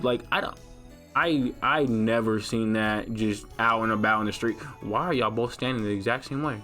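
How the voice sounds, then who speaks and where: A man's voice: medium pitch, moderate pace, fairly bright tone, soft background music. A young man hosting a let's play, rambling in a loose, slangy way with lots of filler as he talks over gameplay. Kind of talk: casual gaming commentary.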